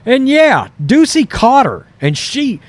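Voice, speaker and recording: A man hosting political commentary over news clips, animated and mocking, often mimicking the people he quotes. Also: very high voice, slow pace, no echo. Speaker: commentary host.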